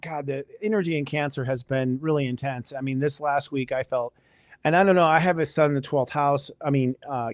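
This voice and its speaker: Male astrology host, casual and enthusiastic, slightly high voice, dry close sound. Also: dry recording. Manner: chatty, energetic, spiritual enthusiasm. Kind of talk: casual live astrology talk.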